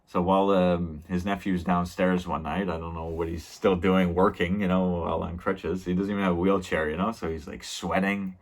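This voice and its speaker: Low-voiced casual male reviewer. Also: level tone, moderate pace, few pauses. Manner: rambling, lots of fillers and laughs. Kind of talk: casual episode recap.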